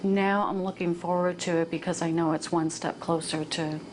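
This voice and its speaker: A woman giving a calm, reflective news interview. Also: fairly low pitch, moderate pace, noisy background.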